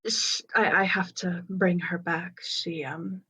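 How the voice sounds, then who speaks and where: A woman voicing a nervous young woman who stammers and speaks quietly and hesitantly. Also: on the low side, little pitch movement, takes it slowly, slightly rough, heavily acted.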